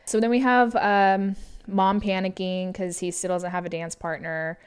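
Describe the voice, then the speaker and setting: A woman's voice: mid-range voice, little pitch movement, normal speed, clear, resonant tone. A woman co-hosting a podcast, chatting casually about a film with lots of laughter, fillers and restarts. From United States. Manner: giggly, rambling with fillers and self-corrections. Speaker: podcast co-host. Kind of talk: casual chat recapping a film.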